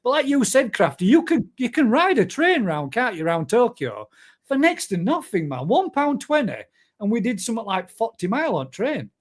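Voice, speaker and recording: A man's voice: very high voice, very animated, moderate pace. A man with a Northern English accent hosting a casual live chat show, chatty and laughing often, with broad dialect words. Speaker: show host.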